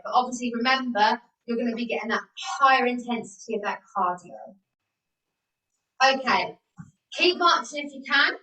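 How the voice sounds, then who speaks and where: A woman's voice: a little high, pushed and bright, recorded from a distance. A woman fitness instructor leading an exercise class over a video call, encouraging and counting out the moves. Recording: echoey room, away from the mic.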